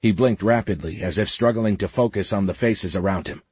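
A man narrating a science fiction audiobook in a steady, measured way. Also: fairly low pitch, slightly rough, dry recording. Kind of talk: scripted narration.

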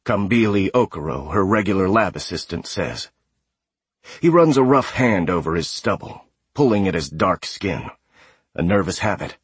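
A man narrating a sci-fi audiobook in a steady, measured way. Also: low-pitched, slightly rough, no room sound. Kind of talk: scripted narration.

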